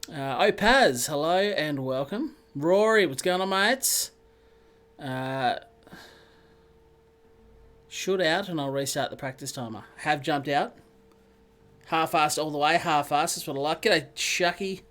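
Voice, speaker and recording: Aussie guy streaming sim racing, bit higher voice, relaxed chatter, shouting out chat names. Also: unhurried, pauses often. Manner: chatty, greets chat viewers by name, relaxed banter. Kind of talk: casual live-stream chat.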